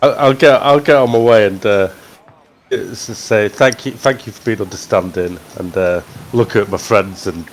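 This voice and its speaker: Man, tabletop player, lowish voice, jokey, faint background noise. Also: moderate pace, poor audio. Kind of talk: casual chat.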